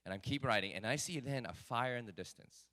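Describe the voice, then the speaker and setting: A man telling a personal story at a live talk event, animated and self-mocking with lots of fillers. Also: mid-range voice, a little fast.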